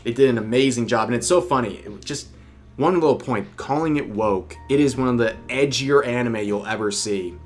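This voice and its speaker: Young guy streaming, just chatting and reading super chats out loud, repeats himself a lot, mid pitch, soft music behind. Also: fairly quick. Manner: chatty, repeats phrases, reads donor messages aloud. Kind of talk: casual livestream chat.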